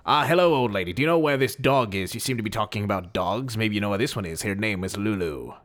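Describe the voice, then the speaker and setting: A man's voice: on the low side, fast talker, a bit bright, lightly acted. A man playing a dutiful 1940s private detective in a tabletop game, speaking solemnly. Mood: inquiring.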